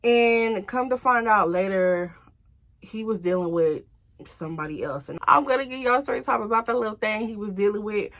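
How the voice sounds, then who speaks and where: A woman's voice: medium pitch, lively intonation, moderate pace, a bit bright. A woman in her twenties telling a personal story to camera in a casual, blunt way, with frequent swearing. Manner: chatty, blunt, swears freely. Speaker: storytime vlogger.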